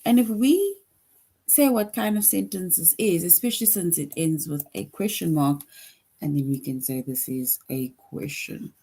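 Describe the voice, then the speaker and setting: A woman's voice: on the low side, normal speed, warm tone, husky. A woman teaching a grade school grammar lesson, patient, repeating each point and often checking in with "right?".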